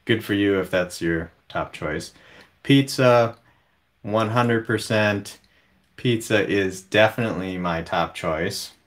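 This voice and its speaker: Slow-talking man, low voice. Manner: slow, relaxed, reads chat comments aloud. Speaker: livestream host. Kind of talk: casual livestream chat. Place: home.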